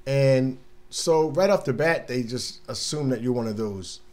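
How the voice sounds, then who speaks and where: A man's voice: mid-range voice, a little slow, a little mellow. A man hosting a casual radio talk monologue, laid-back and chatty, often laughing and acting out little scenes from his day. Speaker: radio show host.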